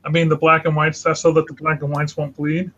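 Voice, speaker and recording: A man's voice: on the high side, completely flat delivery, a little fast, fairly bright tone, slight background noise. Man with a dull, lo-fi call sound. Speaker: artist in an online drawing group. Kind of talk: casual chat while drawing. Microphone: video call mic. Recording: dull lo-fi video call audio.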